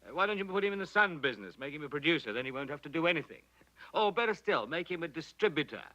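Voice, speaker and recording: Brief: loud, sarcastic movie director, bright forceful voice. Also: male voice, fairly high pitch, big pitch swings, rapid-fire. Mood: bluff. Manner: boisterous, laughing, sarcastic. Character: brash, boastful male film director. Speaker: film director.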